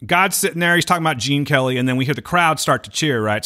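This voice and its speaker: A man's voice: fairly high pitch, animated, quick pace, pushed and bright. A man co-hosting a podcast, recapping an episode in casual chat and slipping into playful character voices. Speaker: podcast co-host.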